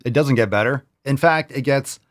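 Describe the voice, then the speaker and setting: A man's voice: medium pitch, moderate pace, no echo, studio quality. A man hosting a reaction show, mocking and incredulous as he repeats clips he is watching. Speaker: host. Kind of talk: reaction commentary.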